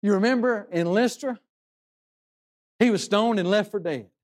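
A man's voice: high-pitched, moderate pace, darkish tone. A man preaching a sermon in an earnest way, asking rhetorical questions and dropping his voice for emphasis.

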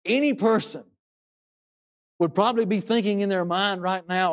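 A man's voice: high voice, moderate pace. A man preaching a sermon in an earnest way, asking rhetorical questions and dropping his voice for emphasis.

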